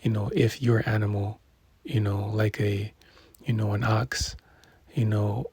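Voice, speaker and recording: Husky low-voiced man rambling. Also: fairly even intonation, a little mellow, no room sound. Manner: rambling, fills every pause with "you know". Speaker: commentary channel host. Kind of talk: reaction commentary.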